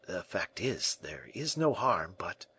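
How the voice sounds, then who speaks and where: A man voicing a timid young playwright who speaks softly, often in a hush, evasive and protesting, in an audiobook reading. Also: fairly low pitch, very animated, normal speed, breathy edge, no echo, heavily acted. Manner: soft, whispering, evasive.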